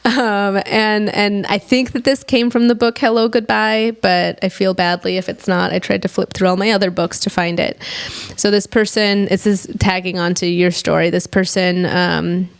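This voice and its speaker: A woman co-hosting a podcast in casual reflective chat, earnestly telling a story and sometimes dropping into soft whispers. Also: mid-range voice, steady tone, normal speed, gravelly, clean tone. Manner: earnest storyteller, acts out quoted voices, drops to soft whispers. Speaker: podcast co-host.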